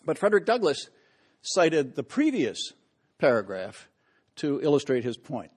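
A man's voice: fairly high pitch, sing-song, measured pace, a little mellow, breathy edge. A middle-aged man giving a public history lecture, telling stories with wry asides and dramatic emphasis.

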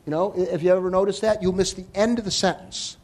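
A man giving a live talk to an audience on hearing and listening, explaining in an animated way with joking asides. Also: sits high, fast. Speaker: hearing health lecturer.

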